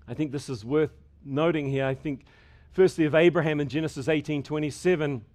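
A man preaching a sermon, building up to loud, emphatic passages and dropping to quiet, measured ones, sometimes repeating words as he restarts. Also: on the high side. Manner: dynamic preaching, rising and falling sharply in loudness. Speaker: pastor.

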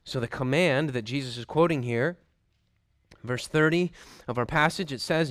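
A man preaching with an emphatic, deliberate delivery, driving home points through repetition. His voice sits a bit high and comes through smooth and clear. The sound is dry and close, with no room echo. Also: a bit bright. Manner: emphatic, repeats phrases for stress. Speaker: pastor. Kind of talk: sermon.

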